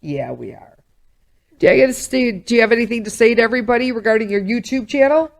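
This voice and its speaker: A woman's voice: on the high side, lively intonation, a little fast, vocal fry. A middle-aged woman hosting a podcast, chatting casually and teasing with a laugh. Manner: warm, laughing, motherly teasing. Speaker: podcast host. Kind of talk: casual chat.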